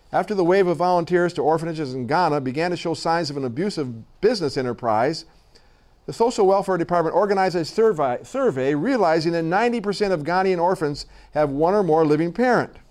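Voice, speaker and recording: A male teacher lectures a small class with a fairly high voice. He stumbles over his words, doubling them up and leaning on fillers. He sounds like he is in a classroom. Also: expressive, a little fast, darkish tone. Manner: hesitant, repeats words and fillers. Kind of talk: classroom lecture and reading aloud.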